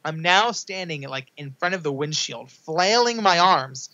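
A young man, an author guest on a podcast, telling a story with energy and acting out the quoted lines in a higher, excited voice. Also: a little slow, few pauses. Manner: acts out quotes in a high excited voice. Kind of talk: animated storytelling. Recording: dull lo-fi sound.

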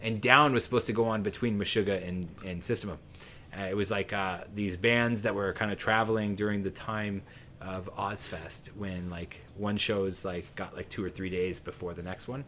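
A man's voice: on the low side, steady tone, moderate pace, a bit bright, a little hiss or hum. A man in his late thirties from southern Ontario, a guest musician telling a long story on a podcast in a rambling, profane way, full of fillers and laughter.

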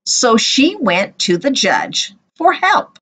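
A woman telling a Bible story to children as a teacher, with expressive storytelling. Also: fairly high pitch, slow pace, husky, rough recording.

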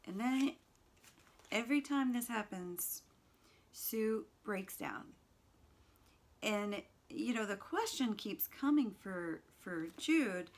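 A woman's voice: medium pitch, animated, slow pace, pauses often. Middle-aged woman literature teacher, conversational lecture, casual restarts. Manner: conversational, fillers and self-corrections. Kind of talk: lecture with read-aloud passages.

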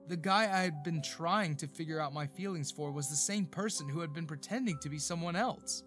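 Brief: male narrator, somewhat high voice, dramatic emotional storytelling, faint music bed. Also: normal speed, a bit bright. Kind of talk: scripted first-person narration of a romance story.

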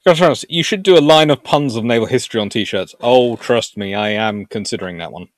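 A man hosting a naval history livestream, chatting with viewers in an animated, jokey way. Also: medium pitch, a little fast, no room sound. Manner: animated and jokey, puts on silly voices for nations. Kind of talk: live stream talk answering chat.

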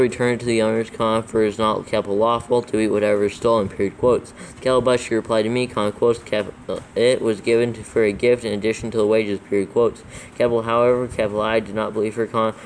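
Fast, flat-voiced man dictating text. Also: on the low side, slight background noise, rough recording. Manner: reads steadily, spelling out capitals and punctuation. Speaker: reader dictating scripture for proofreading. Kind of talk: dictating text aloud with punctuation.

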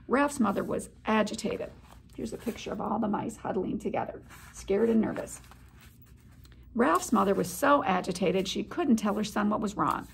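A middle-aged woman, a head of school, reading a children's chapter book aloud in an expressive storytelling manner. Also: mid-range voice, moderate pace, gravelly, slight background noise.

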